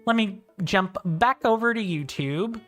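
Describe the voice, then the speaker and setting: Soft music plays behind this livestream host, a man in his thirties from South Carolina whose accent sounds British. He speaks high and unhurried, a bit bright with lively intonation, reading chat in a casual game stream with rambling friendliness, fillers and restarts.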